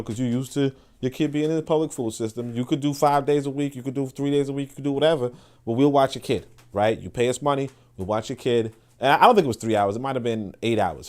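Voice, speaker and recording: A man's voice: mid-range voice, darkish tone. A man, hosting a podcast in a blunt, profane, casual monologue that often restarts and repeats words. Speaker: podcast host.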